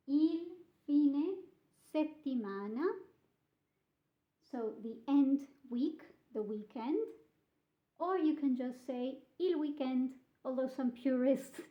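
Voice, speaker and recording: Woman teacher drilling words with beginners, talks slow and careful, slightly high voice, roomy dull sound. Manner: slow, carefully modelled pronunciation with drilled repetition. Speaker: Italian teacher. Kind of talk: beginner language lesson.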